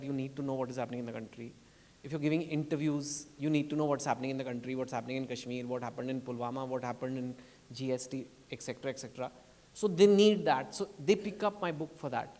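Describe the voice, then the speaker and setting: A man's voice: fairly high pitch, a little mellow, long reverb tail. A man with an Indian English accent giving an impassioned public speech at a book launch, pleading and rising to emphatic outbursts. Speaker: author speaking at a book launch. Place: event hall.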